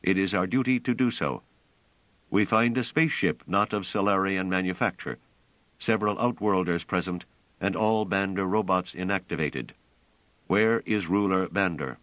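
A cold guardian robot speaks with clipped, incisive authority, a touch higher and louder than the reader's own deep voice, as a man puts it on. Its lines come flat and formal, like orders it was programmed to give. The recording is dull and dry. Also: moderate pace, no echo, close to an everyday voice.

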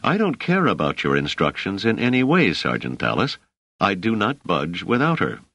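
A man's voice: deep voice, huge pitch swings, normal speed, fairly bright tone, no room sound, voice pushed up, exaggerated voice. A man reading an audiobook, voicing a stubborn male scholar who speaks firmly and with indignation. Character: clever, stubborn male scholar, easily irritated.

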